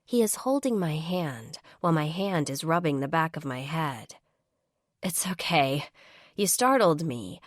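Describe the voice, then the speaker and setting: A woman narrating a first-person romance audiobook in an expressive, wry manner. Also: low voice, no room sound, clean studio sound.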